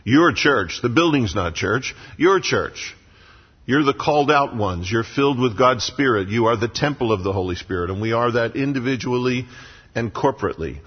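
A pastor preaches a sermon in a church sanctuary, leaning on emphatic repetition. His medium-pitched voice is fairly quick, lively, and a bit breathy, and the lo-fi audio carries a long hall reverb.

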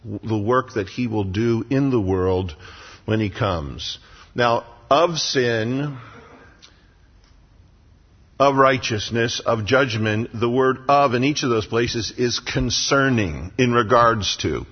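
A man's voice: medium pitch, takes it slowly, husky. A man preaching a sermon as pastor in a church sanctuary, with emphatic repetition. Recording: lo-fi sound with long hall reverb.

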